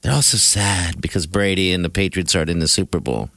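A man's voice: low voice, fairly quick, creaky, a bit bright, no echo. A man hosting a radio morning show, bantering casually with playful, jokey asides into a studio microphone.

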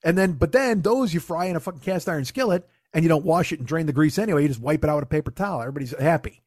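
Husky man telling a rambling, profane story. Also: on the high side, expressive, racing, a little mellow, no room sound, clean studio sound. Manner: profane, rambling, self-mocking. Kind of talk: casual storytelling chat.

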